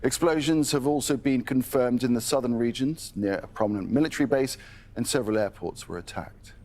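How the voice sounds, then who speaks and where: A male news anchor reading a scripted broadcast in a measured, formal way. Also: mid-range voice, a little mellow.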